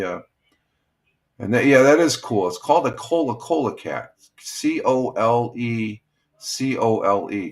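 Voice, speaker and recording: An older man hosting a casual morning livestream, talking in a rambling, halting way with lots of fillers. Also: fairly low pitch, gravelly. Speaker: livestream host.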